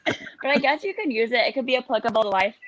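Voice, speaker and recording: A woman's voice: fairly high pitch, quick pace, background noise. A woman from the St. Louis area co-hosting a casual chat over a video call, playful and laughing often. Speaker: co-host.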